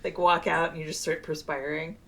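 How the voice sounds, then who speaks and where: A woman's voice: deep voice, a little fast, noisy background. A woman and mother of school-age kids co-hosting a podcast, chatting casually and retelling what others said. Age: adult with school-age children. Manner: chatty, quotes people in lively asides. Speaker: podcast co-host. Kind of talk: casual film review chat.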